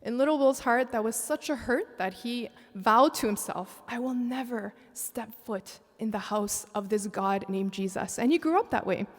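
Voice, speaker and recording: A woman's voice: fairly high pitch, expressive, normal speed, hardly any pauses. A woman on a church panel telling a personal faith story with feeling. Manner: emotional storytelling, breaks into tears. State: tearful, voice breaking. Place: large church sanctuary. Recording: long echo of a big sanctuary.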